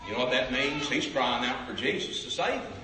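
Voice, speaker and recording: A man's voice: mid-range voice, expressive, fairly quick, background noise. A man preaching an evangelistic sermon, calling out to the crowd for responses. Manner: emphatic, calls out to the crowd for responses. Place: large church sanctuary. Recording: echoey hall, from a distance.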